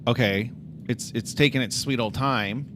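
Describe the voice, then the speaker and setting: A man's voice: mid-range voice, unhurried, background noise. A man streaming his game development, thinking aloud as he debugs and talking straight to his chat. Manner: thinks aloud, mutters to himself and addresses chat directly. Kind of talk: casual livestream chat while coding.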